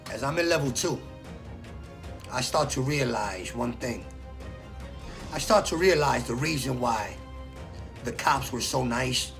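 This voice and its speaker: A man with a fairly high, gravelly voice tells his story in a casual spoken monologue. He is animated, acts out the other people's lines and swears without holding back. Faint music plays behind him. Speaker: storyteller recounting prison life.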